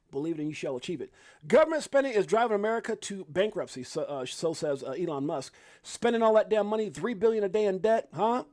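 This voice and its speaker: A man hosting a hyped livestream with a Chicago accent, talking fast and excitably and shouting out his viewers. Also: high-pitched, dry recording, studio quality. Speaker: livestream host. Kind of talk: hyped casual livestream chat.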